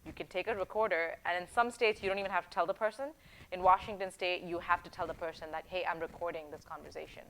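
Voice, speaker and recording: A woman's voice: on the low side, quick pace, a bit bright, poor audio. Direct, emphatic woman coaching on camera. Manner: frequent rhetorical checks like "okay?" and "right?". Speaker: workplace empowerment coach. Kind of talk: advice video talk.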